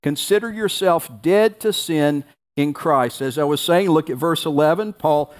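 Pastor guy preaching, kinda high voice, hammers the same lines twice. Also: moderate pace. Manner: emphatic preaching, repeats key phrases, reads scripture aloud. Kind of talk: sermon.

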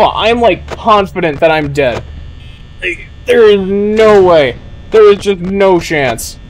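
A young man streaming a horror game, rambling nervously to his chat and yelling when things go right. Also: fairly high pitch, a little hiss or hum, rough recording. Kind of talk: live gameplay commentary.

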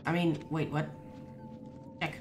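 A woman co-streaming a horror game, excitable, shrieking and swearing at jump scares while coaching her partner. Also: deep voice, slow, a little hiss or hum. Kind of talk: live gameplay chat.

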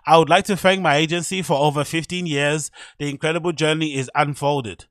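A man's voice: a little high, fairly even intonation, brisk, a bit bright, no room sound, studio quality, lightly acted. A man voicing a German male DJ, reading a formal announcement in a put-on German accent. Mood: earnest formal.

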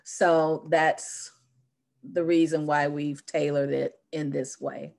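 A woman's voice: low-pitched, level tone, slow pace, gravelly, a little mellow. A woman presenting in a webinar, explaining an application process thoughtfully and with many fillers.

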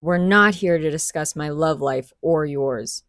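A woman's voice: sits low, unhurried, fairly bright tone, no room sound, studio quality. A woman voicing a defiant young woman rebel who taunts coolly. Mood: taunting. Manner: cool, taunting.

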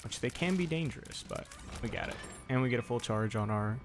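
A man's voice: mid-range voice, lively intonation, brisk. Young man chatting over a game. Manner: chatty, talks to the game and enemies. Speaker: gaming video creator. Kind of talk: casual gameplay commentary. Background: faint game music.

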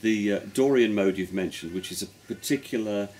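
A man's voice: on the low side, fairly quick, a little mellow, a little hiss or hum. A man, a folk pipe player, explaining musical ideas in a thoughtful, step-by-step way during a casual conversation. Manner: thoughtful, explanatory, talks in careful steps.

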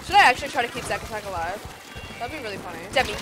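Excitable high-voiced woman gamer. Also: fast talker. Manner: excitable, playful mock-angry outbursts. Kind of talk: gameplay commentary. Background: game music.

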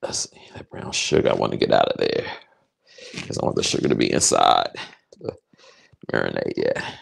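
A man hosting a casual cooking livestream, excitable and crude, joking and chatting straight to his viewers. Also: very deep voice, normal speed, vocal fry, husky. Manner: excitable, crude, jokey, chats directly to viewers. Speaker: home cook hosting a cooking show.

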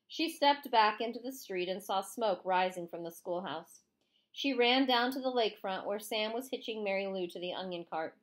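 A woman narrating a chapter of a novel aloud, expressive storytelling reading. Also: medium pitch, normal speed. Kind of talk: audiobook reading.

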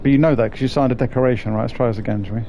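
This man talks very fast in a warm, medium-pitched voice with fairly even intonation, over slight background noise. He's a gaming streamer doing live commentary on a bus simulator, trading sweary jokes with his chat while he plays.

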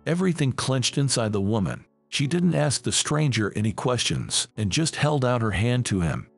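A man narrating a scripted life story in a steady, expressive storytelling manner. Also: mid-range voice, moderate pace, creaky, hardly any pauses, soft background music.

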